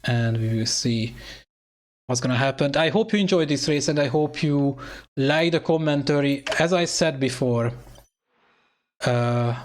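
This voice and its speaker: A man commentating an online sim racing event, excitable and hesitant, with phrasing and lots of fillers. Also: medium pitch, measured pace. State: out of breath. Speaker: race commentator.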